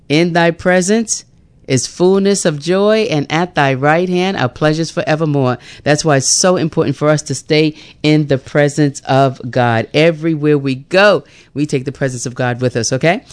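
A middle-aged host of a morning worship call-in show, talking in a lively, chatty way that mixes casual devotional talk with prayer and frequent laughter. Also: mid-range voice, clear, resonant tone.

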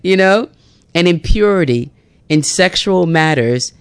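A young woman hosting a gospel radio show in a studio, talking casually about scripture. She is lively and laughs easily, acting out her talks with God. Her voice is smooth and clear, recorded dry and close on a studio mic. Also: on the low side, measured pace, no echo. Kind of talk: casual on-air chat with scripture reading. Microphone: studio microphone.

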